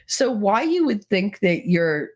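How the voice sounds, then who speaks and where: A woman's voice: mid-range voice, very animated, slow, a little mellow. Profane, teasing woman hosting a live stream. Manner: profane, teasing, laughs often. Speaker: livestream podcast host. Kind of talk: casual live-stream chat reading viewer comments.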